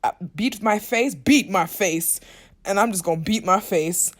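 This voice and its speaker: A woman's voice: mid-range voice, unhurried. A young woman chatting casually and slangily to her viewers in a get-ready-with-me vlog, recorded at home. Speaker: beauty vlogger. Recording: echoey room, mic at a distance.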